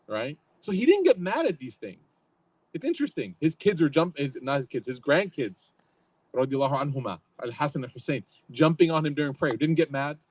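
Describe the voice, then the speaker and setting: Casual storytelling man, slightly high voice. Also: darkish tone, husky, rough recording. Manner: conversational storytelling, acts out quotes. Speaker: youth program speaker. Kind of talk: casual religious talk.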